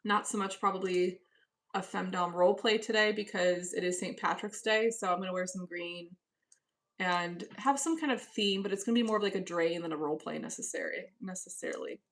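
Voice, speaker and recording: A woman's voice: lowish voice, steady tone, brisk, fairly bright tone. A woman hosting a live stream from home, reading chat messages aloud and answering in a cool, dismissive casual manner. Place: at home, indoors.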